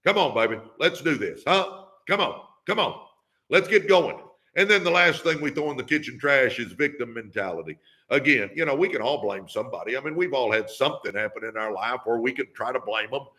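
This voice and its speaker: A man's voice: mid-range voice, animated, a little fast, sharp tone. An older man hosting a motivational talk, fired up and preachy, repeating catchphrases and urging listeners on. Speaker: podcast host. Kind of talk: motivational live-stream talk.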